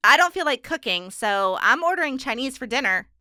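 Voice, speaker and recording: A woman's voice: high-pitched, sing-song, a little fast, sharp tone, no room sound, clean studio sound, voice pushed up, exaggerated voice. A woman voicing a cheerful, easygoing middle-aged aunt, calling out in a sing-song, chirpy way.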